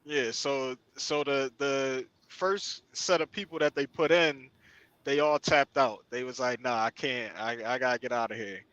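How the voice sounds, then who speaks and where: A man's voice: medium pitch, unhurried, a bit bright, no room sound, rough recording. A man co-hosting a podcast, chatting in a casual, laid-back way. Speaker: podcast co-host. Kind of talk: casual chat.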